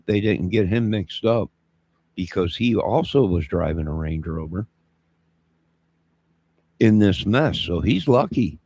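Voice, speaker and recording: A man's voice: on the low side, vocal fry, a little mellow, slightly rough. A man co-hosting a livestream, chatting casually and rambling while he repeats himself. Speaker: livestream co-host.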